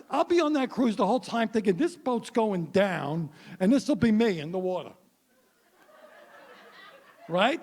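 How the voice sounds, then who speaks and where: Stand-up comic, male, 60s, high-pitched, wry punchy delivery, works the room. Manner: punchy, wry, addresses the crowd. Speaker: stand-up comedian. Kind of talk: stand-up comedy set. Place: stage before a live audience.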